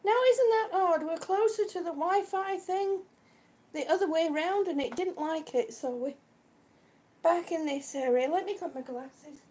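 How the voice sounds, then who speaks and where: A woman's voice: very high voice, moderate pace, mellow. A woman hosting a casual live stream, a little out of breath, greeting her viewers effusively as sweetie and honey.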